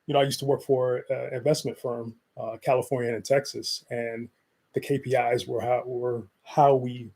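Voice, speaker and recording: A man's voice: mid-range voice, little pitch movement, moderate pace, darkish tone. A man co-hosting a casual chat, explaining business metrics with frequent repeats and fillers. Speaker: co-host.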